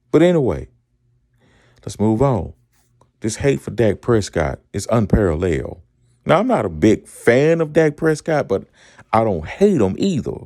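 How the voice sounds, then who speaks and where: Guy doing sports talk, low gravelly voice, keeps asking y'all questions and chuckling. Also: dark tone, dry recording, studio quality. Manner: rhetorical questions, repeats himself, chuckles. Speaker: podcast co-host. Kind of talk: casual sports talk monologue.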